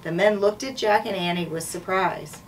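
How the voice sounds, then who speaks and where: A woman reads a children's chapter book aloud at a steady, clear pace, now and then correcting herself. She sounds set back from the microphone, with faint background noise. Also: mid-range voice, normal speed. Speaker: school administrator. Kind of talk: reading a storybook aloud. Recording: distant mic, faint noise.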